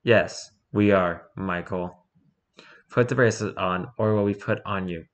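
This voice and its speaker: A man's voice: low-pitched, a little slow, lo-fi sound, voice pushed down. A man voicing a stern, detached male researcher doctor who gives orders to prisoners.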